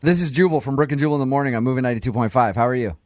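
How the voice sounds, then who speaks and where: A man's voice: mid-range voice, rapid-fire, darkish tone, no room sound. A man hosting a morning radio show, blunt and teasing with his co-host and callers.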